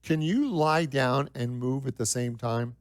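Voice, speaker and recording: A man's voice: mid-range voice, a little slow, dry recording. A male minister delivering a sermon in a conversational style, asking the congregation questions and repeating key phrases for emphasis. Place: church.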